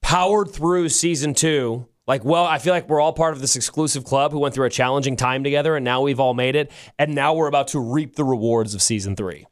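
A man co-hosting a show, chatting excitedly and casually, with frequent restarts. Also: medium pitch, a little fast, few pauses. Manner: excitable, animated, restarts often. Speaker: radio show co-host. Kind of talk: casual chat.

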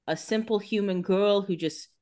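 A woman's voice: mid-range voice, moderate pace, a little mellow. A woman co-hosting a podcast, recapping a TV episode in casual chat, chatty and analytical with a wry edge. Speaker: podcast co-host.

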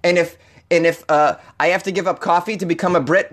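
A man with an American accent hosting a comedy podcast, ranting in an animated, jokey way with casual swearing. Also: on the high side, a little fast.

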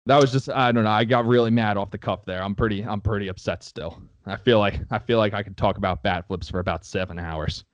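A man's voice: on the low side, fairly even intonation, a little fast, few pauses, no echo. Profane, fired-up sports podcast man. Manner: profane, heated ranting. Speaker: podcast co-host. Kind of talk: casual sports chat. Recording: dry, slightly dull sound.

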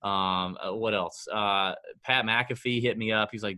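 A man with a fairly low voice hosts a casual podcast, joking and teasing himself as he goes. The recording is dry and close, with no room sound. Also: steady tone, bright, forceful tone, no echo. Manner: joking, fast-talking, self-mocking. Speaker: podcast host.

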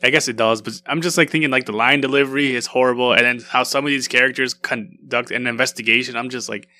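A man's voice: medium pitch, fairly even intonation, fast talker, pushed and bright. A man co-hosting a podcast, chatting casually and rambling with many restarts. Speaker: podcast co-host. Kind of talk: casual chat.

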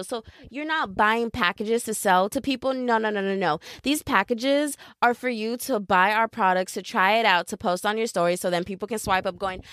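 Young woman, podcast host, casual storytelling, animated, mocking impressions, dry close mic. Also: a little high, normal speed, hardly any pauses, no room sound.

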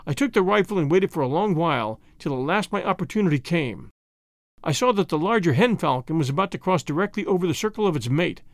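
A man reads a novel aloud in the first person. His delivery is dramatic and expressive, and his fairly high voice moves animatedly up and down. The recording is dry and close. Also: dry recording. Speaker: audiobook narrator. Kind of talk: scripted first-person narration.

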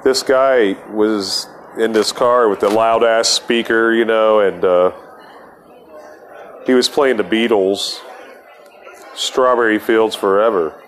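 Low-voiced profane man telling a story. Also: fairly even intonation, slow, a little hiss or hum. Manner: profane, rambling, laughs between lines. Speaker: podcast host. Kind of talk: casual storytelling monologue.

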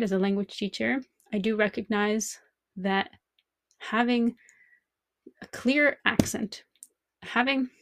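A woman's voice: mid-range voice, vocal fry, dry recording. A woman language teacher hosting a podcast, thinking aloud in a reflective monologue full of rhetorical questions.

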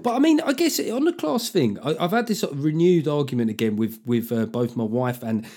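A man's voice: mid-range voice, expressive, brisk, dark tone, faint music behind. A man hosts a casual podcast. He rambles, swears freely and pokes fun at himself as he goes. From South London, England. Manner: rambling, sweary, self-deprecating. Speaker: podcast host.

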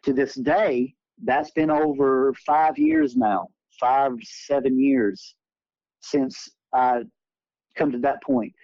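Gravelly, lively man telling earnest testimony. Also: mid-range voice, slow pace, no room sound. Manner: earnest, emphatic, spiritual testimony. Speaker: interview guest, energy healer. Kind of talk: earnest conversational storytelling. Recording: dull lo-fi recording.

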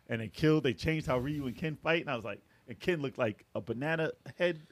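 A man chatting on a podcast at a middle pitch, easygoing and talkative. He spins long stories about games he played and acts out what he thought at the time. His voice sits close and dry, with no room around it. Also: brisk, dry recording. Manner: laid-back storytelling, quotes his own past reactions. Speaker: podcast guest or co-host. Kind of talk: casual podcast chat about video games.

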